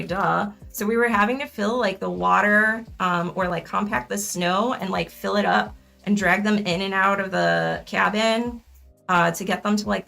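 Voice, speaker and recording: A young woman chatting casually while she crafts on a live stream, her voice full of gravelly vocal fry. She rambles, loses her words and corrects herself, often breaking into laughs. Faint music plays behind her. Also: medium pitch, bright, forceful tone.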